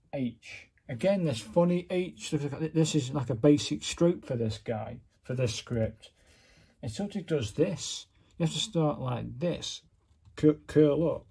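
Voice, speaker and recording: Slow, husky man talking through his work. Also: mid-range voice, mellow. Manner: self-critical, chatty, narrates while working. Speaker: calligraphy hobbyist demonstrating. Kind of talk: casual step-by-step demonstration.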